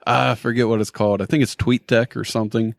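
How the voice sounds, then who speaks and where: A man's voice: mid-range voice, little pitch movement, quick pace, creaky, dry recording, studio quality. A man hosting a casual podcast as a mock judge, joking and teasing.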